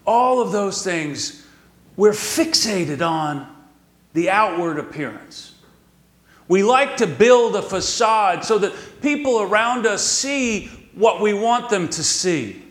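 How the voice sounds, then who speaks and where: High-voiced Texan pastor preaching in a roomy hall. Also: male voice, fairly bright tone. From Texas. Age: middle-aged. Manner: folksy storytelling with drawn-out emphatic words. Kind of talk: sermon.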